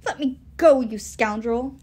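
A woman voicing a panicky old male dwarf, shrill and wailing. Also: very animated, normal speed, breathy edge. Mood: indignant. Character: old slimy male dwarf turned fish, panicky and loud.

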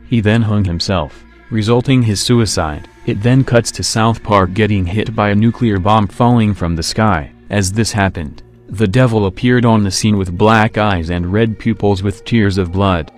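A man narrating a creepypasta horror story in a plain, steady storytelling manner. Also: fairly low pitch, moderate pace, few pauses, soft background music. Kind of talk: creepypasta reading.

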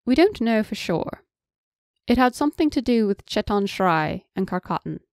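A woman voicing a cautious, high-ranking woman who speaks carefully and reassuringly in an audiobook. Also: sing-song, moderate pace, a little mellow, no room sound, clean studio sound.

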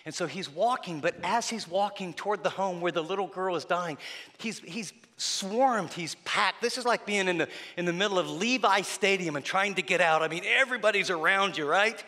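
A man preaching a sermon, telling the story dramatically and swinging between loud passages and hushed ones. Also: sits high, moderate pace, big-room sound. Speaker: pastor.

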